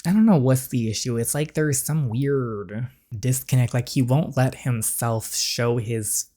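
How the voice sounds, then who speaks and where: Rambling let's-play streamer, mellow tone. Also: medium pitch, a little slow. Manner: musing, rambling with "like". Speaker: gaming streamer. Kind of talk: casual let's-play commentary.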